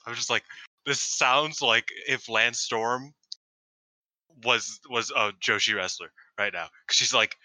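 Bright, rambling guy on a podcast. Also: mid-range voice, lively intonation, a little slow, dry recording, poor audio. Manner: rambling, swears casually, filler-heavy. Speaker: co-host. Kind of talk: casual wrestling podcast chat.

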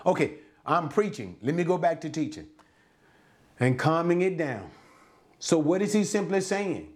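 A man's voice: on the high side, big pitch swings, moderate pace. A man preaching and teaching from the Bible, stressing words emphatically and drawing them out, with frequent fillers.

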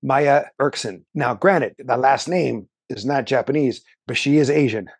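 A man's voice: medium pitch, a little slow, slightly rough, no room sound. Talkative man co-hosting a review show. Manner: lists credits, talkative, enthusiastic. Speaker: podcast co-host reviewing shows. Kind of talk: casual review chat.

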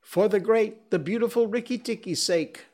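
A man voicing a small, silly male tailorbird who talks in an excited, sing-song, praising way. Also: high voice, normal speed, voice pushed up.

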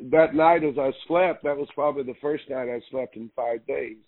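A man, a pastor, tells his testimony in an earnest, halting way, often circling back on his words. His voice sits at an ordinary pitch. It comes through a thin, tinny, phone-like radio line. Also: no echo. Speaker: pastor, interview guest.

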